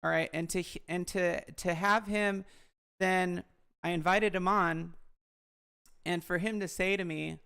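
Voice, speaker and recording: A woman's voice: on the low side, fairly even intonation, a little slow, gravelly, fairly bright tone, smooth. A woman YouTuber talking through a dispute in a casual, rambling, frank commentary vlog.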